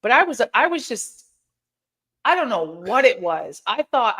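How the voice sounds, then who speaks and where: A woman speaks as an interview guest, with a voice of middling pitch. She tells her story candidly and emphatically. She stumbles into restarts and acts out what others said. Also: normal speed. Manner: animated, emphatic, frequent restarts and quoted dialogue.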